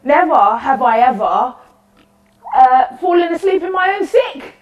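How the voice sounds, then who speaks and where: A woman, her voice a little high and expressive, takes a slow pace while the highs in the audio are cut off. She is acting a lonely, chatty woman at the end of the world in a solo interactive theatre monologue, rambling, apologetic and nervously cheerful. Her voice sounds distant in an echoey room.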